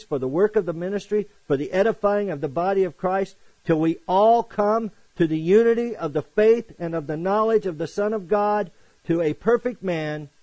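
A man preaching a sermon, acting out quoted greetings and swinging between loud emphasis and quiet asides. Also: high voice, no room sound, poor audio. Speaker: pastor.

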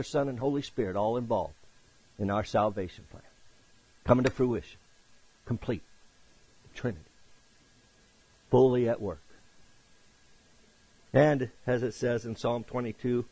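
Husky-voiced man preaching with swelling emphasis. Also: moderate pace, pauses often, dry recording, rough recording. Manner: swings from loud emphatic peaks to hushed low passages. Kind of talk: sermon.

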